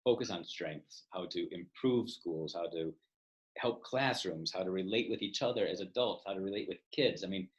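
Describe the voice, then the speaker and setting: A man's voice: low voice, normal speed, muffled recording. A man hosting an education podcast, enthusiastic and affirming, with a playful streak. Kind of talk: casual interview chat.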